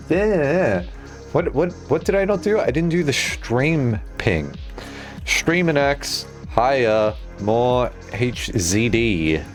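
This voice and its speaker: A man streaming a game, musing aloud in casual chat and swearing freely. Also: fairly low pitch. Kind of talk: casual livestream chat while gaming.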